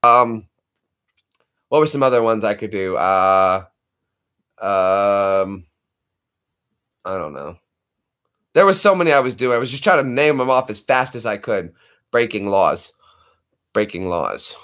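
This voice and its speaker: A man hosting a casual video chat, rambling through excited stories and adding his own sound effects. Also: on the low side, unhurried, long pauses. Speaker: channel host.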